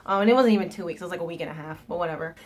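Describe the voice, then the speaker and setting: A woman's voice: on the low side, rapid-fire. A young woman with a nasal voice, telling a casual storytime and acting out the people in it. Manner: animated retelling with quoted voices. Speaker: vlogger.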